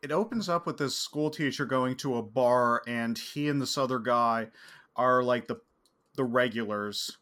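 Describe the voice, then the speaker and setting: A man's voice: medium pitch, a little slow, a bit bright. A man co-hosting a podcast in casual chat, speaking in a dry, matter-of-fact way. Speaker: podcast co-host.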